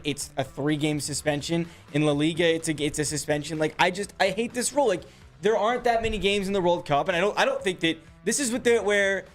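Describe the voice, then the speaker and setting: A male sports radio co-host delivers opinionated takes in a fairly high voice. He often stumbles and restarts his sentences mid-thought. A faint music bed sits behind him. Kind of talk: casual sports radio banter.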